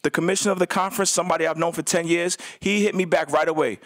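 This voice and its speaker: A man's voice: on the high side, fairly even intonation, racing, hardly any pauses, fairly bright tone, no echo, clean studio sound. A man, a former assistant basketball coach, telling a story on a radio show in casual slang, acting out other people's lines.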